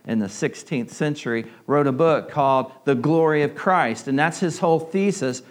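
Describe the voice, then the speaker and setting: A pastor with a slight southern US accent preaching a conversational sermon, often repeating words and asking the congregation questions. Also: male voice, mid-range voice.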